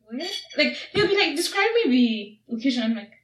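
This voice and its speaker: A woman's voice: high-pitched, a little fast, far from the mic. A young Nigerian woman with a Nigerian accent, speaking expressively and saying "like" often, in casual podcast chat. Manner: expressive, heavy on "like". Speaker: podcast guest. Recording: roomy.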